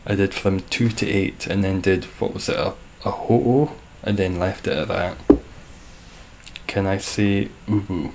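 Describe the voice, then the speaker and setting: A young man with a Scottish accent talks casually over his live game stream, answering chat with deadpan sarcasm. His low voice has a gravelly, creaky edge, and faint noise hums underneath. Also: a little slow. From Scotland. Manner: dry, sarcastic and joking.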